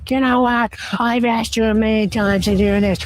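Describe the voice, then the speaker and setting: A man voicing his angry wife, listing complaints in a shrill, rapid-fire rant. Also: steady tone, faint music behind, natural voice. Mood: exasperated. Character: angry nagging wife, adult woman, exasperated.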